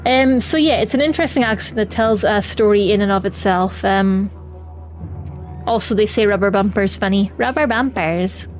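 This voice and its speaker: A woman with a Scottish Highlands accent touched by the Western Isles, chatting casually with her chat while gaming and laughing easily. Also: fairly even intonation, normal speed. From Scotland. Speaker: streamer.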